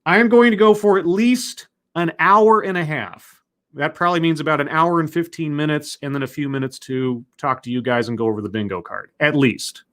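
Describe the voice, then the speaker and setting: A man's voice: a little high, a bit bright. A man hosting a casual livestream commentary, rambling along and greeting his chat members one by one. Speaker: livestream host.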